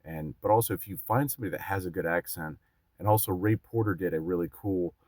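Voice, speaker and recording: A man's voice: deep voice, fast, a little mellow, no echo. A man vlogging casually, telling a rambling story full of fillers and restarts.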